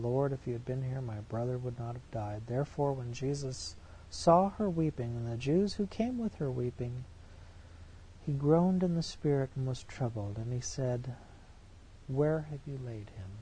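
A man's voice: medium pitch, lively intonation, measured pace, dark tone, slight background noise, rough recording. A man preaching a sermon, reading scripture verses aloud and commenting on them with rhetorical questions in an earnest, emphatic way.

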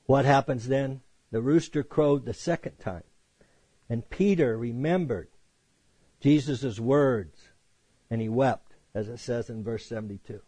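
A man's voice: medium pitch, husky, no echo. A man preaching a Bible lesson, reading verses and explaining them in an emphatic, conversational way. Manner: emphatic, conversational, animated quoting of scripture. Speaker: pastor. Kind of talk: expository Bible teaching.

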